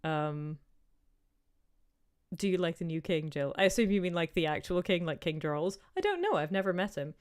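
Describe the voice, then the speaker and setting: A woman in her thirties with a softened Northern Irish accent, chatting casually as she answers viewer questions on a livestream, rambling with plenty of "um" and "like". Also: on the low side, animated, moderate pace, clean tone. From Northern Ireland. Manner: chatty and rambling, with many "um" and "like" asides.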